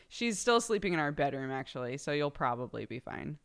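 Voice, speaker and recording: A woman's voice: low-pitched, a little fast, few pauses, a bit bright, clean tone. A young woman chatting casually on a live stream, laughing often and swearing offhandedly.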